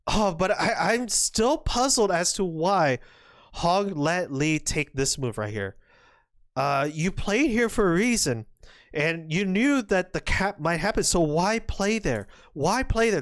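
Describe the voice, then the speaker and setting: A young woman giving excited commentary on a board game, gushing and exclaiming as she acts out the players' imagined thoughts. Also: lowish voice, takes it slowly, dry recording, studio quality.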